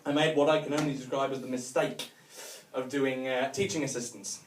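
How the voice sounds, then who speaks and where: A man's voice: medium pitch, steady tone, fairly quick, a little hiss or hum. A man doing a rambling, self-mocking stand-up set with lots of fillers, in a hotel venue room. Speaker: stand-up comedian. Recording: echoey room mic from a distance.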